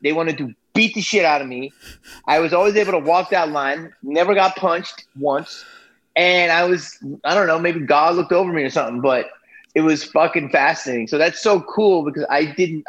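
A man's voice: a little high, moderate pace, a bit bright. A man chatting casually and enthusiastically, swearing and laughing often. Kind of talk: casual chat. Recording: dull lo-fi sound.

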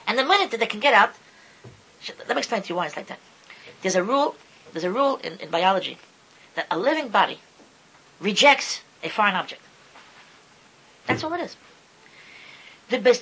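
A man's voice: extremely high pitch, gravelly, bright, forceful tone, slight background noise, rough recording. A man giving an impassioned sermon, often stumbling over and repeating his words as he talks. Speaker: Torah speaker. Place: lives in Israel.

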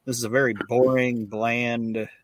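A man's voice: mid-range voice, level tone, a little slow, dry recording. A man hosting a podcast, recapping in casual, profane talk with many fillers. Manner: profane, filler-heavy retelling. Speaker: podcast host.

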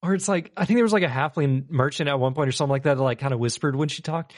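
A man's voice: on the high side, quick pace, few pauses. A man telling funny stories about a video game in casual chat, often laughing. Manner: storytelling, giggly.

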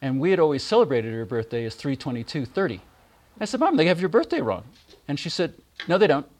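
A middle-aged man gently and warmly telling personal stories in a remembrance talk, with soft pauses. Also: a little high, very animated. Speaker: speaker giving a spiritual reflection.

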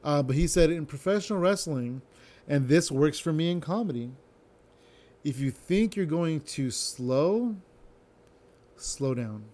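A man's voice: a little high, expressive, unhurried, long pauses, darkish tone. A young adult man, a stand-up comedian, talking casually and rambling on a solo podcast, who tends to slur his words and swears freely.

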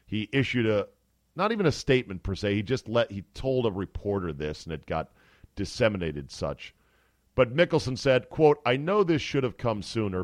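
A man's voice: fairly low pitch, big pitch swings, moderate pace, no echo, clean studio sound. A man hosting a sports talk podcast, delivering casual, sarcastic commentary.

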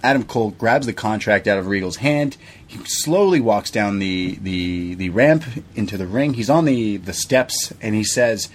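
Animated man recapping a wrestling show. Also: fairly low pitch, moderate pace. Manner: animated retelling, acting out quotes. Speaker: podcast co-host. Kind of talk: casual recap chat.

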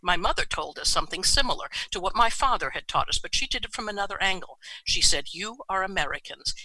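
Speaking quickly and with animation, a seventysomething New Yorker recounts his life in a reflective personal story, tagging many lines with "right?". The high, sharp-toned voice comes through poor audio with no room sound.

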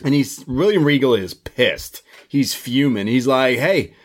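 A man co-hosting a casual wrestling review podcast, excitable, swearing and acting out what wrestlers said. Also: mid-range voice, a little slow. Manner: excitable, swears, acts out quotes. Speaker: podcast co-host.

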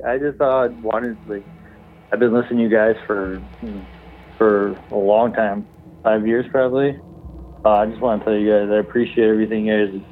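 A man from Illinois calling in to a podcast, earnest and grateful, with lots of fillers. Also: lowish voice. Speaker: caller. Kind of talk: casual call-in chat. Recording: tinny phone line.

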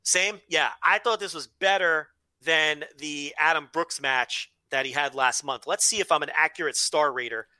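Animated American man, bright voice. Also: on the high side, normal speed, few pauses, no echo. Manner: animated, many restarts, swears freely. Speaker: podcast co-host. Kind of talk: casual chat.

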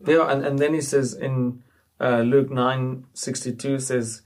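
A man co-hosting a Christian talk show, speaking earnestly with halting restarts and fillers. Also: mid-range voice, flat delivery, a little mellow. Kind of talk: casual faith discussion.

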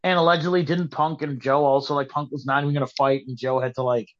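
This podcast co-host speaks quickly in a mid-range voice that barely moves in pitch. Chatting casually about wrestling, he sounds doubtful, wanders off track, and starts sentences over. It's recorded in dull, lo-fi podcast quality.

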